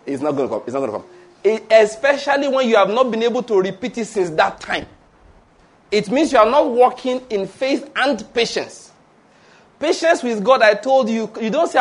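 High-voiced, animated preacher man. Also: moderate pace. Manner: animated and playful, laughs often, leads the audience in repeated phrases. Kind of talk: sermon.

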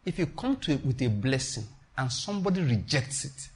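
Lively preacher man. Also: mid-range voice, a little fast. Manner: emphatic, repetitive preaching with call and response. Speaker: pastor. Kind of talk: sermon.

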